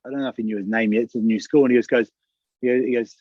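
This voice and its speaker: A fast-talking man tells lively stories and acts out the lines of the people in them. His mid-range voice comes through dry, with no room sound. The audio is a little dull. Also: mid-range voice, slightly rough, no room sound. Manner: animated storyteller who acts out other people's lines. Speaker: podcast co-host. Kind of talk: casual podcast storytelling.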